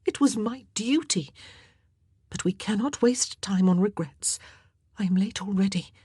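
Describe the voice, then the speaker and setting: A woman voicing a regal young queen who speaks in a brisk, commanding but kind way in an audiobook. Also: medium pitch, warm tone, breathy edge, dry recording, clean studio sound, voice pushed up.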